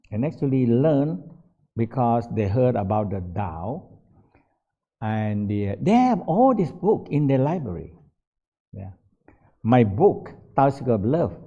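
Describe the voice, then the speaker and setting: An older man teaching meditation at an informal workshop tells stories in broken, non-native English, often breaking into laughter. His voice sits mid-range with vocal fry, and the recording is dull and lo-fi.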